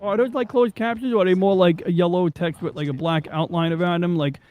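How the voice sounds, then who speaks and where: Rambling New man, fairly high voice. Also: steady tone, fast, a little mellow, poor audio. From New York. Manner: rambling, digressive, swears freely, many fillers. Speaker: podcast host. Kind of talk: casual rambling chat.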